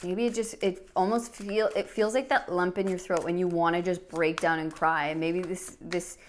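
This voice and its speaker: A woman's voice: on the low side, fairly even intonation, moderate pace. A woman giving a pick-a-card tarot reading, talking in an earnest, emotional way with many fillers and restarts. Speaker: tarot reader.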